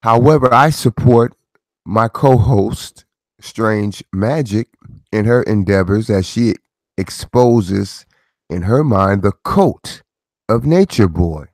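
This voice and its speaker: In a fairly low, slow voice, a middle-aged man talks through a casual commentary monologue on his own channel. He sounds preachy, leaning on rhetorical questions and repetition. The recording is dry with clean studio sound.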